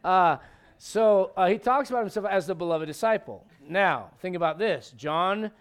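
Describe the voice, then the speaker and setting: High-voiced emphatic male pastor. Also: animated, normal speed, smooth. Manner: conversational, emphatic, asks the congregation questions. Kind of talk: sermon. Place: church sanctuary.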